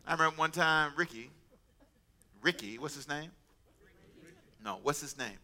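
A middle-aged man preaching a sermon as pastor, animated and humorous, with asides. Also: on the high side, normal speed, pauses often.

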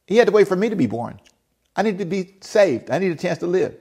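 A man preaching a sermon, animated and getting out of breath, swinging from loud bursts to quiet asides. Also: sits high, fast talker, vocal fry, husky. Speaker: pastor.

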